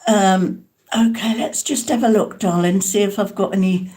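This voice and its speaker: A woman's voice: mid-range voice, steady tone, moderate pace, mellow. A woman giving a live spirit mediumship reading, hesitant and calling her listeners darling and sweetheart.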